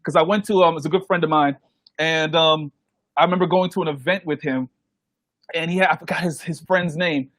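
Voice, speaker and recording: A man tells stories from his DJ career, slipping into quoted voices and laughing as he goes. His voice sits a little high for a man. The sound is dry and close, with no room in it. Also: a little fast, dry recording. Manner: animated, acts out quoted voices, laughs often. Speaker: DJ guest. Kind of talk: casual interview storytelling.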